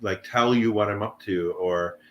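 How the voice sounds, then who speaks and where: A man's voice: on the low side, moderate pace, a bit bright, highs cut off. A man guest in casual chat, reflecting hesitantly on his habits and leaning on filler words. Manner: hesitant, many fillers and restarts.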